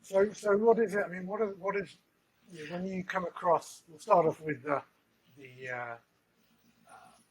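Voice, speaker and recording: A man's voice: sits high, moderate pace, long pauses, rough recording. A man hosting an interview, asking rambling questions with many restarts. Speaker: interview host. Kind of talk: casual interview chat.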